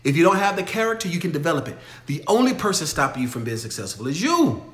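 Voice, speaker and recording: A man hosting a motivational livestream Q&A, talking emphatically, swinging from loud exhortation to low storytelling. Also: very animated, quick pace, reverberant. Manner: emphatic, preachy, shifts from shouting to low storytelling. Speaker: livestream host answering viewer questions.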